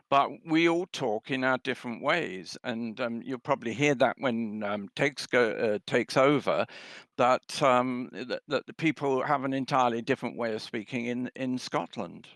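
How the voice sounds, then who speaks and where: A man's voice: medium pitch, a bit bright, no echo. An older man with a Southern English accent, chatting on a video call and stopping and restarting his sentences often. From south of England. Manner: hesitant, many restarts and fillers. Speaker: presenter. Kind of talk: casual chat.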